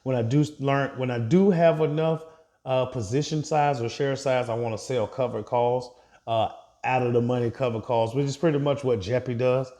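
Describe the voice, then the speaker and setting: Male vlogger, relaxed and chatty, mid-range voice, speaks to the audience like friends. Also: mid-range voice, normal speed. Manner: chatty, addresses viewers directly, laughs at own slips. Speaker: investing vlogger. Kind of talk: casual portfolio update.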